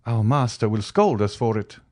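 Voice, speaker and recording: A man's voice: fairly low pitch, animated, normal speed, a little mellow, close to an everyday voice. A man voicing a deferential sailor who speaks respectfully and frets about his master. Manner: respectful, fretful. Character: deferential male sailor pilot, anxious to please.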